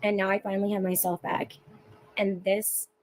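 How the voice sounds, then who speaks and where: Woman, bitter, blunt, swearing, emotional address to an ex, mid pitch. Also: flat delivery, moderate pace, low-quality recording.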